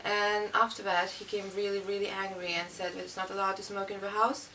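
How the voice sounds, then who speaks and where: A woman's voice: medium pitch, little pitch movement, brisk, sharp tone. A young woman, telling a story in a rambling, casual way with many fillers. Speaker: interviewee. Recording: distant mic, faint room noise.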